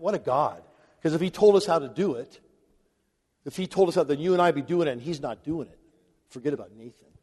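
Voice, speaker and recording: A man's voice: fairly high pitch, a little mellow. A man preaching in a reverberant hall. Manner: conversational, chuckles between points. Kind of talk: sermon. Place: large hall before a congregation.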